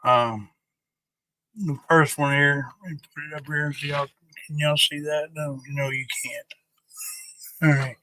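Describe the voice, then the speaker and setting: A man's voice: fairly high pitch, little pitch movement, bright, forceful tone. A man hosting a casual live stream, rambling and swearing freely as he chats with viewers. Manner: rambling, profane, drawn-out.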